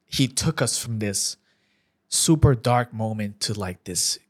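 A man sharing an emotional personal testimony as a podcast guest, speaking earnestly and haltingly with many restarts. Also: fairly low pitch, expressive.

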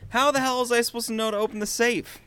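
A man's voice: very high voice, fairly even intonation, fast, a loud crowd. A man co-hosting a casual gaming podcast over a video call, protesting and bantering. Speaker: podcast co-host. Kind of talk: casual chat.

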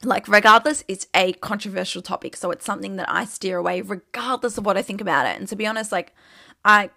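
Young aussie woman, creaky fry in her voice, super casual, lots of "like" and some swearing. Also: medium pitch, quick pace, pushed and bright, no echo, clean studio sound. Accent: Australian. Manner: chatty, peppered with "like", swears casually. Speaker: social media creator. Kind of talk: casual candid chat.

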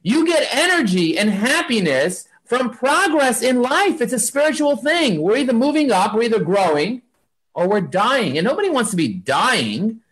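A man talking as an interview guest in an energetic, preachy, motivational way, driving his points home with repeated lists. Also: very high voice, normal speed. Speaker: guest, marketing agency founder.

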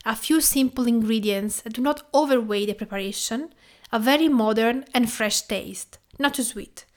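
A woman's voice: a little high, moderate pace. Italian-accented woman hosting a podcast. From Tuscany, Italy. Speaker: podcast host. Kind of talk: scripted podcast monologue.

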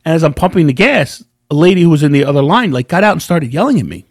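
A man co-hosting a casual chat, telling stories in an animated, profane way. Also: fairly high pitch, fast talker, slightly rough, dry recording, clean studio sound. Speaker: podcast co-host.

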